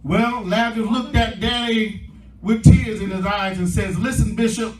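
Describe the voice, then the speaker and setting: A male pastor preaching a sermon, his delivery swelling into impassioned shouting as the congregation answers him. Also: high-pitched, normal speed. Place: church sanctuary. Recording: echoey church room from a distance with faint music.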